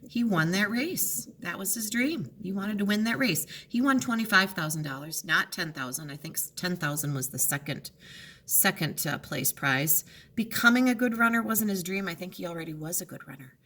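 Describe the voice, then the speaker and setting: A woman teaching a recorded lesson, going over test answers in an encouraging, explanatory way and drawing words out slowly to split them into syllables. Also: fairly low pitch, lively intonation, a bit bright, a little hiss or hum. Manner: slow, drawn-out enunciation of words to split into syllables.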